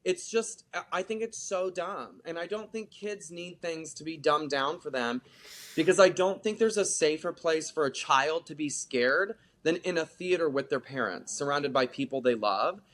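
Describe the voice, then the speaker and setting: A theater actor in casual interview, talking in an animated, rambling way. The voice sits mid-pitch and keeps peppering its sentences with "like". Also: normal speed. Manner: chatty, animated, lots of filler "like". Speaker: theater actor, podcast guest.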